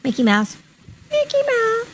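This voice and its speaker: A man using a pitch-raising voice changer to talk as a goofy, high-pitched cartoon mouse, joking around. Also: wildly swooping pitch, unhurried, a little hiss or hum, exaggerated voice. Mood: silly.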